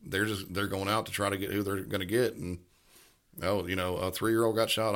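A man co-hosting a podcast, telling work stories in a casual, halting way with many restarts. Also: low-pitched, little pitch movement, a bit bright. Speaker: podcast co-host, police dispatcher. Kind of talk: casual storytelling.

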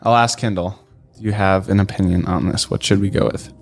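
Gravelly low man mulling quiz answers. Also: fairly even intonation, brisk. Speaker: podcast panelist. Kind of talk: casual quiz game chat.

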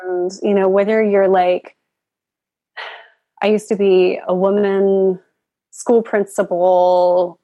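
A woman's voice: mid-range voice, level tone, takes it slowly, long pauses, warm tone, no echo. Reflective woman guest, dry close sound. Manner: reflective, earnest storytelling. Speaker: podcast guest. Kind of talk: spiritual podcast conversation.

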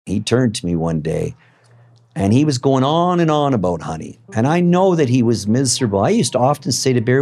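Man, interviewee, emotional, halting with fillers, lively pitch, middle-range voice. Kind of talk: emotional personal testimony.

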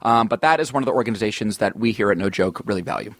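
Man co-hosting, quick to laugh and agree. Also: fairly low pitch, dry recording, clean studio sound. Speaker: podcast co-host. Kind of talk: casual comedic chat.

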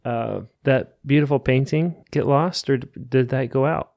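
A man co-hosting a podcast, chatting casually with unhurried, laid-back asides. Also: medium pitch, gravelly, darkish tone. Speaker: podcast co-host.

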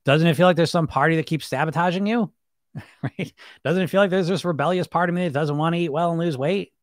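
A man coaching weight loss on a live stream, talking rapidly and bluntly, swearing casually and tagging his points with "right?" and "you know?". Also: on the high side, dry recording, studio quality. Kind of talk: live-stream monologue to viewers.

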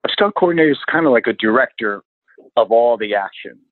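A man in his sixties, a stunt coordinator telling lively stories in an interview, often exclaiming as he recalls events. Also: medium pitch, quick pace, no echo. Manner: animated anecdotes, exclaims often. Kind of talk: storytelling interview chat. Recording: dry, tinny phone-like line.

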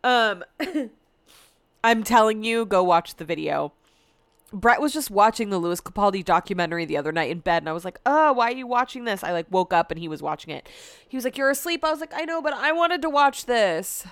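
A woman's voice: medium pitch, lively intonation, fairly quick, a bit bright, no room sound. A young adult woman hosting a podcast at home, rambling in casual solo chat and swearing freely. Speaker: podcast host.

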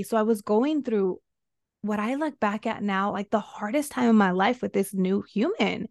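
A woman's voice: medium pitch, normal speed, darkish tone, no echo, studio quality. A woman coach, a guest on a podcast, recounting a painful stretch of her life in an earnest, emotional way. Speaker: guest, women's soul embodiment coach. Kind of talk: personal storytelling in a podcast interview.

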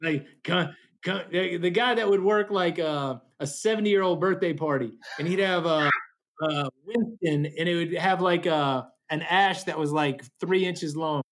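A man co-hosting a casual movie chat, riffing and teasing in a lively way. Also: on the high side, measured pace. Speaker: podcast co-host.

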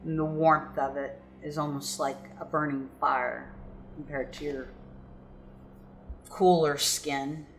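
Low-voiced woman game master narrating. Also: little pitch movement, a little hiss or hum. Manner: measured storytelling narration. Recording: echoey room with faint music.

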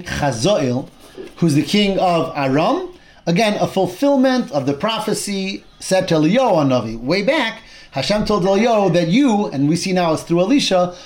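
High-voiced man teaching a Torah class. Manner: animated storytelling, sprinkling in Hebrew terms. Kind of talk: retelling a Bible text in a class.

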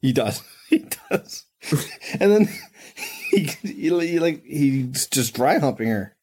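A man's voice: fairly high pitch, wildly swooping pitch, takes it slowly, a little mellow, husky. A man co-hosting a podcast who chimes in briefly on a movie recap, laughing and stammering as he talks. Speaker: podcast co-host. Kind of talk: casual movie recap chat.

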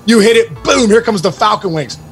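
High-voiced animated man telling stories. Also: brisk, vocal fry, soft background music. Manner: animated storyteller, says "bro" and "dude". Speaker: podcast co-host. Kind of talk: casual chat.

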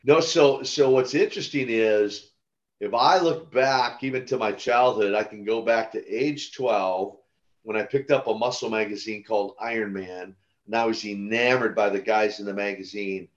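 An older man, a retired wrestler turned minister, telling stories in a casual podcast interview with lively chuckles and restarts. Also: lowish voice, normal speed, dull audio. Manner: animated, chuckling, with restarts and repeated words.

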